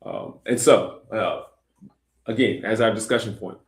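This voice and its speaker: A man's voice: lowish voice, measured pace, reverberant. A man hosting a Christian discussion show, talking earnestly with many fillers and restarts. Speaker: host.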